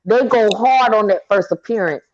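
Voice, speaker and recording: A woman's voice: mid-range voice, normal speed, highs cut off. A woman in casual chat, telling stories with hollers and laughter over call audio. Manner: animated storyteller, hollers and laughs.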